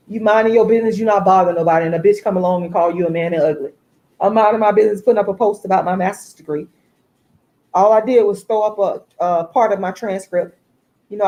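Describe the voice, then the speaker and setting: A woman, hosting a live stream and venting in a deliberate, emphatic way, repeating herself. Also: medium pitch, mellow, rough recording. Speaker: livestream host.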